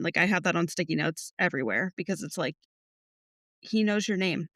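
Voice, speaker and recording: A woman's voice: on the low side, normal speed, a bit bright, dry recording, clean studio sound. A young woman co-hosting a faith podcast, talking in a heartfelt, rambling way with lots of "like". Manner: heartfelt, rambling with many likes. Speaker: podcast co-host. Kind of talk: casual faith chat.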